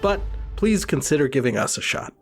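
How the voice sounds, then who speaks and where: A man's voice: a little high, sing-song, brisk, fairly bright tone. A man reading a scripted promo for a comedy podcast in an upbeat, jokey way. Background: music.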